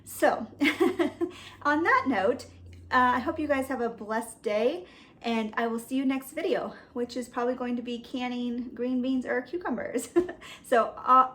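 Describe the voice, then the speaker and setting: A woman's voice: fairly high pitch, moderate pace, fairly bright tone. Chatty woman vlogger touring her garden. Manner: chatty, laughs often, many ums. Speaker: homestead vlogger. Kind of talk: casual garden tour vlog. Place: outdoor garden.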